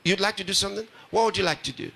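High, gravelly-voiced pastor urging a crowd. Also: male voice, very fast, pushed and bright. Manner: repeats phrases, questions the crowd directly. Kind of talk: live address to an audience. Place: large ceremony hall.

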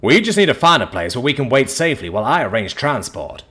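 A man voicing a wounded alien male ally who speaks with forced, hopeful calm. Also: mid-range voice, fast, breathy edge, faint music behind, exaggerated voice.

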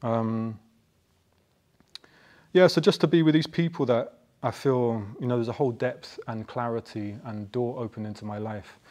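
A man's voice: medium pitch, a little mellow. A man in his forties casually telling personal stories in a chatty, rambling way, often tagging his points with a questioning "yeah?". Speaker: Buddhist practitioner.

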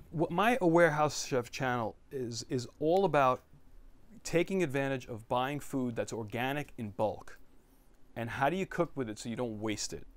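A middle-aged man, a chef, telling stories to a live audience in a bookstore in a chatty, rambling way with many restarts and asides. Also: mid-range voice. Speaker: chef giving a talk at a bookstore. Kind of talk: storytelling talk to a live audience.

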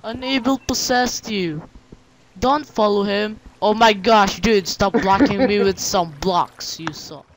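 A man's voice: high voice, measured pace, few pauses. A young man hosting a gaming video, teasing his friend and pleading in mock drama. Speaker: gaming channel host. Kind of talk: playful Minecraft commentary.

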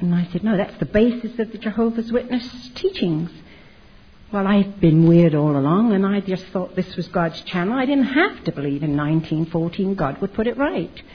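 A woman's voice: on the low side, slightly rough. An older woman giving a chatty, humorous personal testimony about her life. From Canada. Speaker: testimony speaker. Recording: dull lo-fi recording.

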